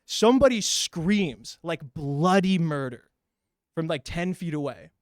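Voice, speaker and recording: A man's voice: fairly high pitch, expressive, unhurried, no room sound, studio quality. A man casually telling a long story, acting out the dialogue and swearing freely. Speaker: podcast host telling a story. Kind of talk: casual chat.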